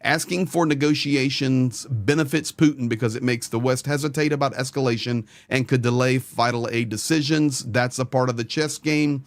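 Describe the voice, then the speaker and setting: Brief: a man at a desk mic, live-stream host, dry close sound, middle pitch. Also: steady tone, dry recording. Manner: rapid rundown of names and amounts, earnest. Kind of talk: live stream chat, reading out donations.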